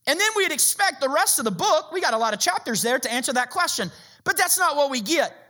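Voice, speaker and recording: A man preaching a sermon as a pastor, joking and telling stories in an animated way. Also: extremely high pitch, fast talker.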